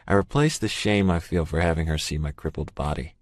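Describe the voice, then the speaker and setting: A man narrating a first-person romance audiobook in a steady, measured way. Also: rumbling low, no room sound, studio quality.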